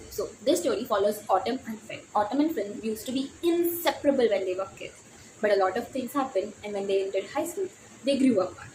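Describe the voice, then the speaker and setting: A woman's voice: on the high side, fairly quick, a little hiss or hum, rough recording. Gushing teenage girl with Indian accent. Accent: Indian English. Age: teens. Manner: gushing, excitable, with frequent restarts and exclamations. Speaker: book vlogger. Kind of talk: casual book review vlog.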